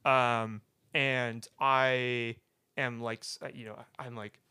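Bright-voiced young man telling his story. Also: mid-range voice, level tone, clear, resonant tone, no room sound, clean studio sound. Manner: halting, restarts, tags "right?" often. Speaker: guest sharing testimony. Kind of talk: casual personal storytelling.

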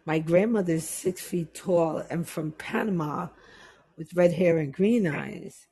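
A woman's voice: lowish voice, takes it slowly, warm tone. A middle-aged woman from the West Indies telling stories from her past in casual chat, acting out the people she quotes.

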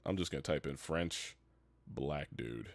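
A young man co-hosting a casual podcast, animated and laughing, often stopping to say "hold on". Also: a bass voice, unhurried, no room sound. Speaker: podcast co-host. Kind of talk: casual chat.

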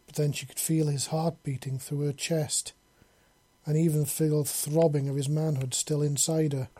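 A narrator reading an explicit chapter of a fantasy audio story in a steady, blunt delivery with coarse words. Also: mid-range voice, dry recording.

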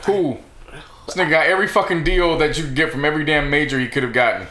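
A man's voice: a little high, fast talker, sharp tone. A man co-hosting a podcast in casual chat, blunt and teasing, pushing back with profanity. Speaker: podcast co-host. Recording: roomy echo.

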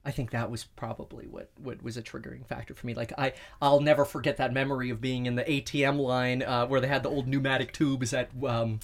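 A man chats as a guest inside a sauna, flushed and overheated with a racing heart. His middle-pitched voice tells stories with animation, and he slips into other people's voices as he quotes them. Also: a little fast, vocal fry, hardly any pauses. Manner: animated storyteller who acts out quoted voices. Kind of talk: casual interview chat.

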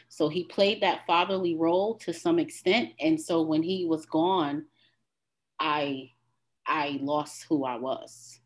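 Slow, measured woman reciting spoken word. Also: sits low. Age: adult with a grown daughter. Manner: measured, deliberate phrasing with repeated refrains. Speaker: guest poet. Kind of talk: spoken-word poetry then candid conversation.

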